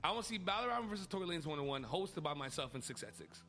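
Excitable laughing male radio host. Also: racing, soft background music. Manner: laughs often, excitable, jumps into high squeals. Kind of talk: casual radio chat. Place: campus radio studio.

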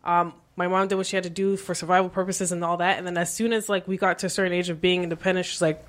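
A woman from Canada talking casually about money on a podcast, emphatic and animated, with slang. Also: on the low side, rapid-fire, few pauses. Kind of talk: casual chat.

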